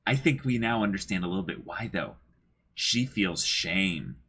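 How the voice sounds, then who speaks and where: A man co-hosting an anime reaction show, chatting casually and working through ideas slowly with restarts. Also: deep voice, lively intonation, pushed and bright, slightly rough. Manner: thoughtful, builds ideas slowly with restarts and fillers.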